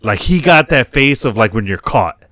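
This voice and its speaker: A man co-hosting a podcast, retelling a TV episode in a casual, animated way and acting out the characters' lines with plenty of swearing. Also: medium pitch, moderate pace, no echo, studio quality. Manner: animated retelling, acts out quotes, swears a lot. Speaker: podcast co-host. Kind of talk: casual chat recapping a TV episode.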